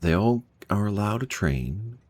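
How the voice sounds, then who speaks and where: Deep gravelly man puzzling aloud. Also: expressive, a little slow, a little mellow. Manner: thinking aloud, puzzled, chuckling to himself. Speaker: streamer. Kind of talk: casual gameplay commentary.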